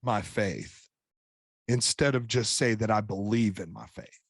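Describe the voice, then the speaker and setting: A man's voice: on the low side, steady tone, measured pace, no room sound, studio quality. A middle-aged man, a podcast guest, tells a personal story earnestly in casual chat, often restarting his sentences. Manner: earnest storytelling with many repeated starts. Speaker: podcast guest, author and coach.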